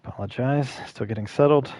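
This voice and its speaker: A man's voice: medium pitch, brisk, a little mellow, no room sound. A man streaming a video game live, chatting to his viewers while he plays. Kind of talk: live gameplay commentary.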